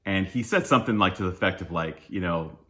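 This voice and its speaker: A man's voice: low-pitched, fast talker, sharp tone. A man giving a casual, conversational sermon, candid and self-deprecating, chuckling often and talking loosely with fillers and restarts. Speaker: church speaker.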